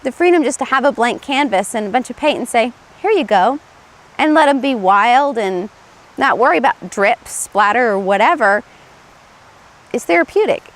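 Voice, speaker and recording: Middle-aged woman host, somewhat high voice, earnest and chatty delivery to camera. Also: animated, moderate pace. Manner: conversational and earnest, with light laughs and restarts. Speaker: TV show host; former play therapist. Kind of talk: casual instructional talk to camera.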